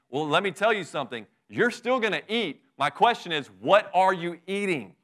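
With lively intonation at a normal speed, this middle-aged pastor delivers his sermon in a bright, forceful, slightly higher-than-usual male voice. He addresses the congregation as if in conversation, peppering them with rhetorical questions and driving his points home with fervor.

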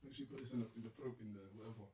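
A man, hosting a casual podcast and teasing his friends with quick laughing banter. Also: medium pitch, steady tone, noisy background.

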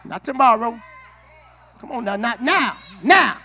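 A man preaching with a very high, bright, forceful voice. He works the congregation in call-and-response, repeats himself and restarts phrases, and climbs into shouting. He is in a church sanctuary. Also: expressive, unhurried, some chatter behind. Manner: repeats words and restarts often. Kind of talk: sermon.

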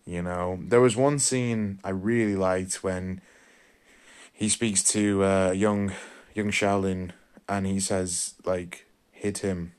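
A man's voice: low-pitched, fairly even intonation, takes it slowly, a little mellow, clean tone. A man hosting a podcast, giving a casual, enthusiastic and rambling spoken film review. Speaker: podcast host.

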